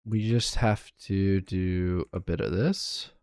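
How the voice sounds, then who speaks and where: A man streaming a video game live, talking casually and counting quietly to himself as he builds. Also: low voice, slow pace, dry recording, clean studio sound. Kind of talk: casual gameplay commentary.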